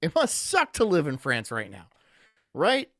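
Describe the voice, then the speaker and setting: A man's voice: on the high side, huge pitch swings, measured pace, no echo, studio quality. A man streaming casually, reading chat aloud and rambling through jokey asides.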